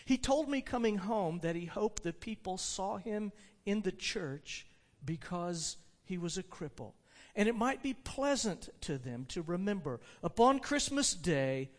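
A pastor reading as a gentle, humble poor father. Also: sits high, animated, unhurried. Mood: tender. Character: humble, tender poor father, middle-aged clerk. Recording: long church-hall reverb.

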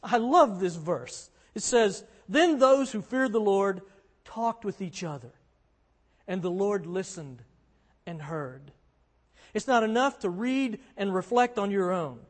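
A man's voice: high voice, lively intonation, slow pace. A man preaching as a pastor, earnest and conversational, driving points home with emphatic repetition. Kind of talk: sermon. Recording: long hall reverb.

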